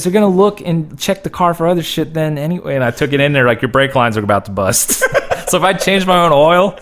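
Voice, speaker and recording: A man's voice: medium pitch, expressive, fast talker, hardly any pauses, fairly bright tone. A young man telling a personal story in casual podcast chat, profane and self-mocking. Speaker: podcast guest.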